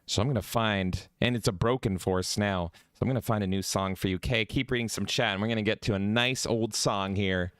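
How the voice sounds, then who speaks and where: A man's voice: on the low side, steady tone, brisk, hardly any pauses, a bit bright, smooth, no echo, clean studio sound. A man co-hosting a casual gaming podcast, goofy and rowdy, swearing often. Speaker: podcast co-host.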